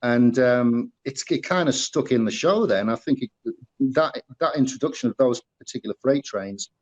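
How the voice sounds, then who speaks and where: A man's voice: mid-range voice, normal speed, dull audio. Middle-aged guy w a teesside accent, chatty interview guest, keeps restarting his sentences. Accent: Northeast English (Teesside). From England, northeast (Middlesbrough). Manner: rambling, many fillers and restarts. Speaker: guest, former musical performer. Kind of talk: casual interview storytelling.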